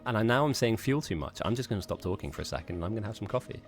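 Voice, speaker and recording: A man's voice: lowish voice, lively intonation, racing, soft background music. A man live-streaming esports commentary, chatting casually and self-mockingly with his viewers between calls of the action. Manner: chatty, self-mocking, rambling asides to chat.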